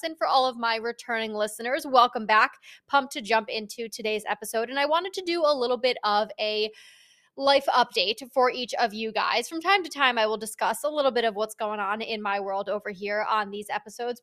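Upbeat, fairly high-voiced woman podcast host. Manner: upbeat, energetic, swears casually. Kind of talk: casual solo podcast talk.

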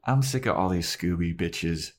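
A man's voice: sits low, moderate pace. A man voicing a sulky, foul-mouthed teenage girl who snaps at the people around her. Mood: annoyed. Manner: snappy and exasperated.

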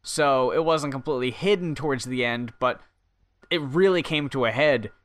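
A man co-hosting a casual chat about an album, relaxed, swearing, and backing up his co-host. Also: medium pitch, moderate pace, no room sound. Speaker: podcast co-host.

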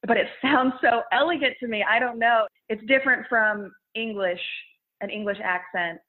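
Over phone-like narrow audio, a young content creator chats as an interview guest about making videos. She speaks at a moderate pace in a slightly high voice, frequently laughing and starting her thoughts over.

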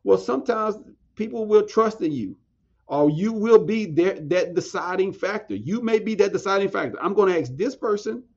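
Animated high-voiced man telling a story. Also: normal speed. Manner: animated, acts out quoted voices, stammers and restarts. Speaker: podcast guest. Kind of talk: storytelling in casual interview. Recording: dull lo-fi sound, faint music.

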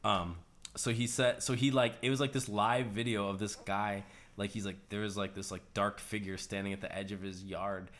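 A man with a fairly low voice tells a long story on a casual podcast. He rambles, loads his sentences with "like", and laughs along as he goes. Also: little pitch movement, a bit bright. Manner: rambling, lots of "like", quick laughs. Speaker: podcast co-host.

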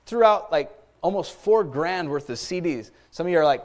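Animated, lively-pitched male preacher. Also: moderate pace. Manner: animated preaching with asides and call-outs for amens. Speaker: pastor. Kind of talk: sermon.

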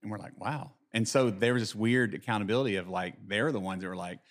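This is a male guest on a podcast, recounting a story in a loose, halting way. His voice sits on the low side. He backtracks often and searches for words as he goes. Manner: rambling, halting, full of fillers and restarts. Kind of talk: casual interview chat.

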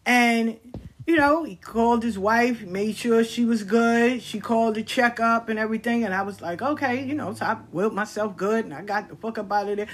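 A woman telling frank stories in a candid monologue, blunt and profane, with emphatic delivery and quick mimicry of other people. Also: fairly high pitch, fairly even intonation, a little hiss or hum. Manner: mimics people in quoted asides.

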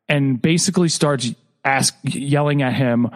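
A man co-hosting a podcast, spinning a long story with plenty of energy. His voice sits a little high, and he slips into other people's voices as he tells it, laughing along the way. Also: moderate pace. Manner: animated storyteller, acts out quotes, laughs often. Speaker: podcast co-host. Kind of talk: casual podcast chat and storytelling.

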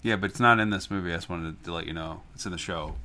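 A man's voice: sits low, very fast, sharp tone. A man co-hosting a movie podcast, chatting casually in a rambling, jokey way and laughing often. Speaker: podcast co-host.

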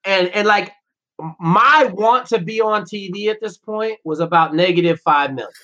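In a dull, lo-fi podcast recording, a man with a high voice speaks at a moderate pace. He's a former Navy SEAL guest spinning brash, profane, animated stories in casual talk.

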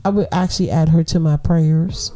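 A woman's voice: sits low, steady tone, normal speed, warm tone. A middle-aged woman hosting a podcast, giving casual, slangy advice and laughing often as she talks. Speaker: podcast host.

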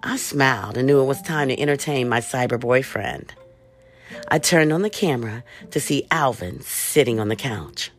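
A woman's voice: rumbling low, normal speed, soft background music. A woman narrating a first-person erotic story in a sultry, teasing manner.

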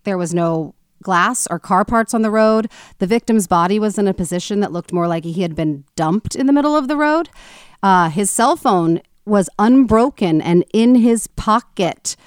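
A woman co-hosting a podcast and telling a true-crime story in a chatty, animated way with frequent restarts. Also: mid-range voice, normal speed, smooth, dry recording, studio quality. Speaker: podcast co-host.

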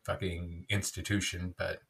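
A man's voice: deep voice, flat delivery, unhurried, fairly bright tone, breathy edge. A man in his thirties co-hosting a podcast, talking in a loose, rambling, self-deprecating way with lots of filler words. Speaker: podcast co-host. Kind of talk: casual chat.

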